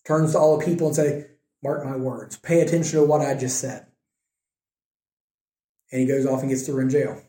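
A man teaching a Bible passage in a relaxed, conversational way, retelling scripture in everyday speech and often checking in with "right?". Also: medium pitch, fairly quick, long pauses. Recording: echoey room.

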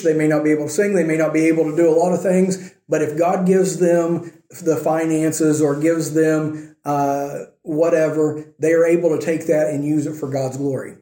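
Male pastor, fairly high mellow voice, easygoing sermon delivery, roomy echo. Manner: conversational preaching, checks in with "right?" and "okay?".

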